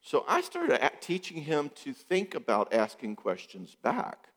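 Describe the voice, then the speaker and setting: Animated male counselor in a reverberant hall. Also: on the high side, measured pace. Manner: animated, acts out quoted dialogue. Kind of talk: talk to an audience.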